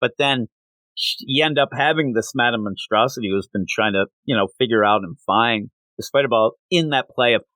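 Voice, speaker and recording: Guy rambling through a comic recap on a podcast, dry close mic, gets animated and does little voices. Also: mid-range voice, fairly quick, dry recording. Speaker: comic review podcast host. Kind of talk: casual comic book review chat.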